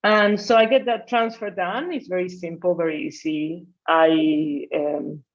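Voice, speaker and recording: A woman's voice: lowish voice, unhurried. A woman in her forties, a physician guest, telling her story in a casual interview and acting out her own past lines. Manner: animated, acts out her own past dialogue. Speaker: guest, family medicine physician. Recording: slightly muffled audio.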